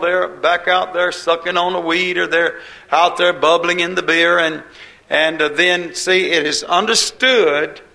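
Gravelly, bright-voiced preacher man. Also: on the high side, rough recording. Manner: folksy, homespun preaching with dialect and quoted voices. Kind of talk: sermon.

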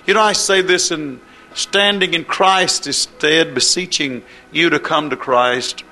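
A man's voice: on the high side, slow pace, bright, forceful tone. A man preaching a sermon with an impassioned, rising and falling cadence.

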